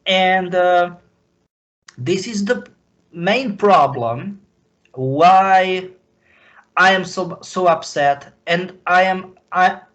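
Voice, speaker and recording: A man from Slovakia, speaking as an interview guest in a halting, impassioned way. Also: high voice, a bit bright, poor audio. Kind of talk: emotional interview talk.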